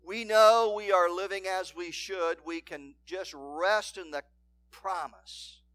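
A pastor delivers a sermon in a high, bright-edged male voice, recorded dry and close with no room echo. He reads old-fashioned scripture aloud and swings from loud emphatic declarations to quiet, hushed asides. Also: fairly even intonation, takes it slowly. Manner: reads scripture in King James wording.

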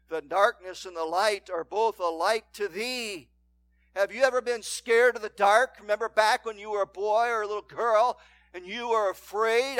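A man preaching a sermon as pastor, reading scripture aloud and swinging between loud emphatic declarations and hushed asides. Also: high-pitched, no room sound. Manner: reads scripture in King James wording.

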